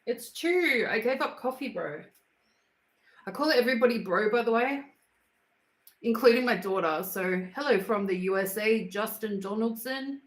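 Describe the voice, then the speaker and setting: Animated and fairly high-pitched at a normal speed, an Australian woman from Queensland bluntly answers viewer comments on her casual home livestream. The low-quality audio, recorded indoors, is reverberant.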